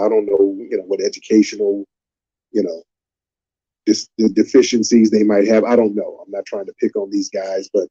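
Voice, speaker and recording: Dark husky man lecturing on a stream. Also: lowish voice, highs cut off. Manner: emphatic, repetitive lecturing. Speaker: live-stream host. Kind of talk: live-stream commentary.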